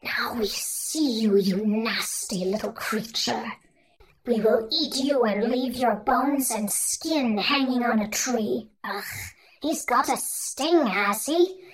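Storybook giant spiders, hissing and menacing, somewhat higher and slower, read by a woman. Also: breathy edge, low-quality recording. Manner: spluttering, hissing, partly whispered.

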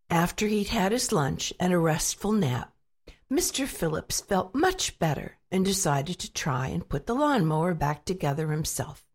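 Woman storybook reader, lively pitch, husky tone. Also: measured pace. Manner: expressive, lively reading. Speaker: narrator. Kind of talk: storybook reading aloud.

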